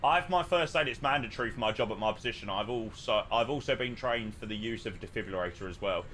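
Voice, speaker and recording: A man's voice: lowish voice, fast, sharp tone, a little hiss or hum. A man, chatting casually with his live-stream chat while flying a sim, swearing now and then.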